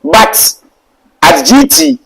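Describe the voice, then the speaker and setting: Ghanaian guy preaching, lively voice jumping high and low, fairly high pitched. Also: very slow, vocal fry, poor audio. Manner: animated, swings from loud exhortation to low asides. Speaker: Bible class preacher. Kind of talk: sermon mixing English and Twi.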